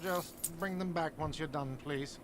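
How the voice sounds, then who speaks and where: A grumpy, defensive bar manager in a video game, as a man voices him. His voice sits somewhat high and his replies are short. Game ambience hisses clearly underneath. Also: measured pace, close to an everyday voice. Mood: curt. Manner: curt and defensive. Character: grumpy, tight-fisted male hostel manager. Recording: game audio with noisy ambience.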